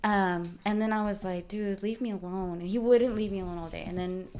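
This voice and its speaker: Animated young woman telling a story. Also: mid-range voice, brisk, slight background noise. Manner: animated, swearing, acts out quotes. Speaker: podcast guest. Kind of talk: casual storytelling chat.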